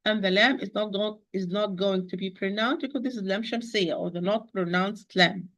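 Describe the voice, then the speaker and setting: A woman gives a tajweed pronunciation lesson in a mid-pitched voice. She works through the sounds methodically, demonstrating each syllable in turn. Her corrections are patient and gentle. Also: steady tone, normal speed. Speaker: Quran recitation teacher.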